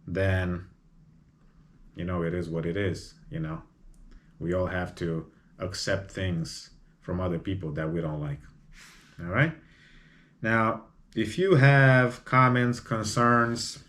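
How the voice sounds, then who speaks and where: A man hosting a solo podcast, talking bluntly and opinionatedly, often tacking on "you know?". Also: low voice. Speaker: podcast host.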